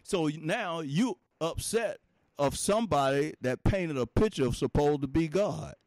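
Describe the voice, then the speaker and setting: A man preaching an informal sermon in a folksy, animated way, laughing often and talking straight to his listeners. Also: on the high side, unhurried, no echo.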